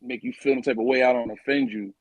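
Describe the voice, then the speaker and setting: A man's voice: mid-range voice, fairly even intonation, fast, no echo, lo-fi sound. A young man in his twenties chats easily as a guest comedian. He tells stories in a laid-back way and slips into quoted back-and-forth. The sound is dry and close, with no room around it. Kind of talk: casual podcast chat.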